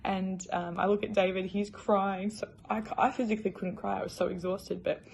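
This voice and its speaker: Young woman, casual storytelling, chatty and emotional, gravelly fry, mid pitch. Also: little pitch movement, normal speed, darkish tone, slight background noise. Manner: chatty, filler-heavy, emotional. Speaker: new mother.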